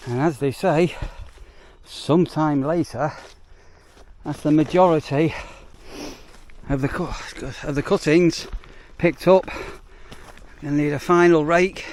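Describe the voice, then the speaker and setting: A slightly high-voiced British man talks to camera outdoors on a campsite while doing yard work. He rambles in a chatty way with plenty of ums, sounding out of breath from the labour. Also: a little mellow. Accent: British English. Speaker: campsite warden. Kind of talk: casual outdoor work vlog.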